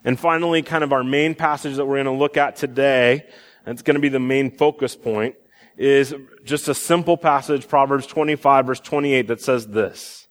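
A man's voice: medium pitch, fairly even intonation, moderate pace. A young man in his twenties or thirties preaching a sermon, talking conversationally with fillers and restarts. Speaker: pastor. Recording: long hall reverb.

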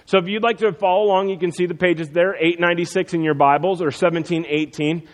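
A man's voice: high voice, fairly even intonation, quick pace, in a large hall, low-quality recording. A man preaching a sermon as pastor, talking conversationally with fillers and restarts.

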